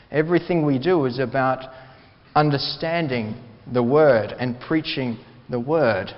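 A man preaching a sermon as a pastor, earnest and emphatic, stressing words slowly. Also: medium pitch. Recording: dull, hall reverb.

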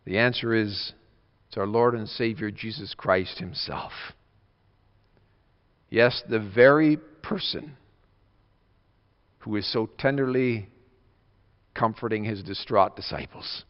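A pastor preaching an earnest, emphatic sermon, his voice swinging between soft and loud. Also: on the low side, takes it slowly, pauses often, clear, resonant tone. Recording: dull lo-fi audio with long reverb.

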